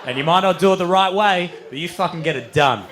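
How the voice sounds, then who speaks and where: A man telling a long story on stage as a stand-up comedian, swearing freely and getting animated. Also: high-pitched, quick pace, a little hiss or hum. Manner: animated, swearing, building to shouts.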